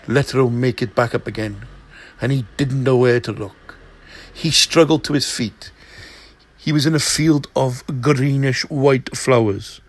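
A man reading a novel aloud in a slow, steady way, with an occasional slip. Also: medium pitch, dry recording. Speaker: narrator.

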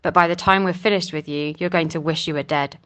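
A woman's voice: lowish voice, fairly even intonation, fast, fairly bright tone, close to an everyday voice. Linda, a woman voicing a desperate cruel woman.

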